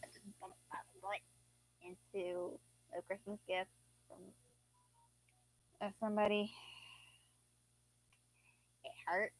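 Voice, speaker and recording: A woman's voice: medium pitch, little pitch movement, takes it slowly, long pauses, poor audio. A young woman chatting casually and drowsily while she plays a life-sim game, now and then yawning. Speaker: gaming vlogger. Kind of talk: casual gameplay commentary.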